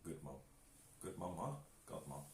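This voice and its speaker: Man, very low voice, relaxed live-stream chat, set back from the mic, echoey room. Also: moderate pace. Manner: easygoing, reads out viewer comments. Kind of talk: casual chat. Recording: echoey room, distant from mic, faint noise.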